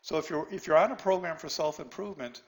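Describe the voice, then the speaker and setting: A man's voice: a little high, fast talker. A man teaching a trading lesson to a live online class, blunt and challenging, often tagging "right?" and stammering on restarts. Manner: talks straight to students by name, pushy and challenging. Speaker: trading instructor.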